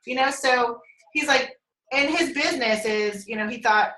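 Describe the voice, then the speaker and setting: In an echoey room, a woman on a conference call line talks at normal speed, her voice on the high side, pushed and bright. She's a team member in a casual group chat, rambling along, laughing frequently, and dropping casual swears.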